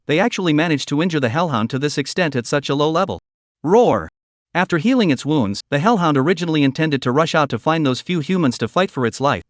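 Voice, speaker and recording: A man narrating a scripted story recap in a steady, even reading voice. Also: fairly high pitch, no room sound, clean studio sound.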